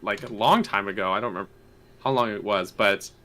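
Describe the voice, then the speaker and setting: Man, podcast co-host, casual chat, bright tense tone, laughs a lot. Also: lowish voice, brisk. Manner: chatty, laughs often between phrases.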